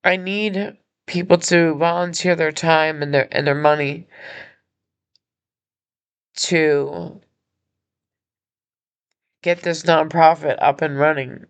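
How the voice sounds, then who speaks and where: A woman hosting her own podcast, speaking from a hospital room in an earnest, halting personal appeal, emotional and injured. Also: sits low, steady tone, muffled recording. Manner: earnest, halting, with many pauses and restarts. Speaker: podcast host and nonprofit founder.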